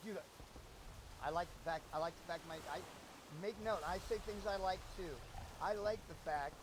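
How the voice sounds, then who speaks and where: A man's voice: high-pitched, normal speed. A young man streaming a video game, rambling, joking and swearing freely as he plays. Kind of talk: casual game commentary. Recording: background noise.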